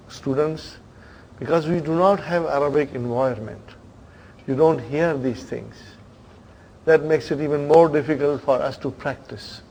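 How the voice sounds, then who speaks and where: Slow-paced patient male teacher. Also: fairly high pitch, mellow, slight background noise. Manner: patient, repeats words slowly, checks in with students. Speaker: Arabic teacher. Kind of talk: classroom lesson.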